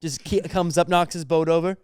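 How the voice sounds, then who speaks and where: A man's voice: fairly high pitch, fairly even intonation, a little fast, a little mellow, clean tone, no echo, clean studio sound. A young man co-hosting a comedy podcast, chatting casually and giggling as he riffs through bits. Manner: giggly, riffing through bits with quoted voices. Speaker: podcast co-host.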